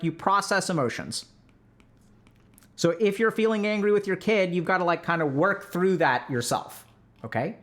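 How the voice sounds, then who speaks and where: A man's voice: on the high side, a bit bright. A man in his thirties, a psychiatrist giving a casual lecture to a live stream audience, talking conversationally with lots of "like" and "right?".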